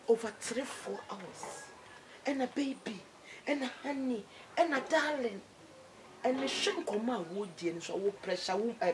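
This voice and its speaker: Ghanaian woman scolding in a noisy skit. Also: medium pitch. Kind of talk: dramatized advice skit. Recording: noisy background.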